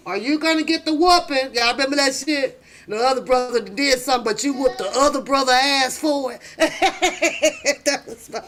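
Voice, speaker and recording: Woman, high voice, middle-aged, casual live chat host, loud profane storyteller. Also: animated, normal speed. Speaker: livestream host.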